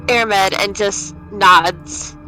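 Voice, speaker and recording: A woman at a tabletop game, calmly describing what her character does. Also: medium pitch, drawn-out words, faint music behind, poor audio. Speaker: player. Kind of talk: tabletop role-play narration.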